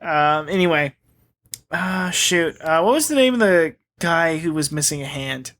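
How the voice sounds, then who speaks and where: A man's voice: on the high side, animated, measured pace, a bit bright. A young man co-hosting a comedy podcast, ranting in mock exasperation and laughing along. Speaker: podcast co-host. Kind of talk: casual comedic banter.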